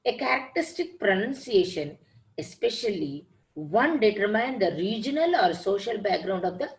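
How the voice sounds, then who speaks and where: A woman's voice: mid-range voice, rough recording. A woman giving a classroom lecture, explaining step by step and repeating key phrases.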